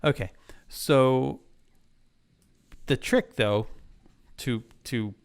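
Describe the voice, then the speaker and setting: A man's voice: mid-range voice, very slow, creaky, smooth. Rambling, enthusiastic man. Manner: enthusiastic, rambling, trails off and restarts. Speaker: podcast co-host. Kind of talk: casual chat.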